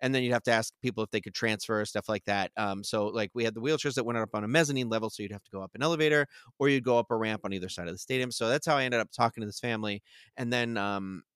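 A man's voice: lowish voice, racing, fairly bright tone, smooth, no room sound, clean studio sound. A man casually telling a long story, full of likes, fillers and restarts. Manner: rambling, filler-heavy with many likes and restarts. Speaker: podcast guest telling stories.

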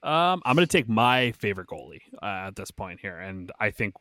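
A man's voice: lowish voice, big pitch swings, normal speed, bright, forceful tone, no echo, clean studio sound. A man co-hosting a casual hockey podcast, joking and swearing as he makes his draft picks. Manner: joking, swears, mangles names on purpose. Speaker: podcast co-host.

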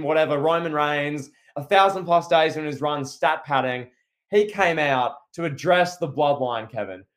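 A young man co-hosting a casual wrestling chat, teasing his co-host with mock outrage and quick asides. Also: on the high side. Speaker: podcast co-host.

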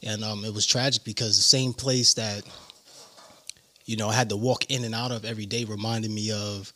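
A man from New York with a New York accent, a guest telling his life story in an animated way. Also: lowish voice, normal speed. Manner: animated storyteller, acts out quotes. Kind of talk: casual interview storytelling.

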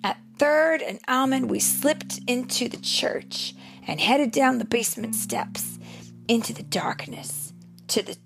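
A young mother reading a picture book aloud to her child, expressive and slow, sometimes dropping into a whisper. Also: on the high side, vocal fry. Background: soft guitar music.

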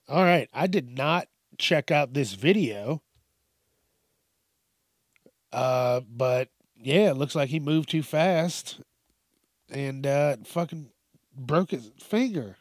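A man's voice: medium pitch, takes it slowly, pauses often, no echo, studio quality. A man hosting casual comedic news commentary, swearing often, laughing and riffing on stories.

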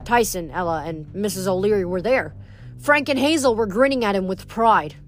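A woman's voice: medium pitch, expressive, moderate pace, faint music behind. A woman reading a novel aloud, with occasional stumbles and self-corrections. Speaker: audiobook reader.

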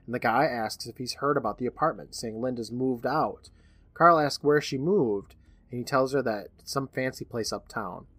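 A podcast co-host with a mid-range, breathy-edged voice recaps an episode at normal speed, recorded with no room sound. His casual chat is animated, full of laughter and acted-out lines.

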